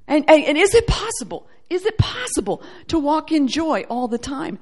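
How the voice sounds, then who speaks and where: A woman with a high voice preaches with real fervor, her delivery rising to ringing, forceful peaks and dropping to quiet, low asides. She acts out the people and voices she quotes as she goes. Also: normal speed, hardly any pauses. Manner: animated, acts out quoted voices, swings between loud and soft. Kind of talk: sermon.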